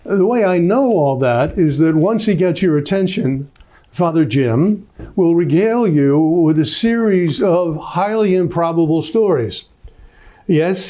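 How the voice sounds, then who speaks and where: A man hosting a talk show, introducing his guest in a wry, amused, halting way. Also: on the high side, warm tone.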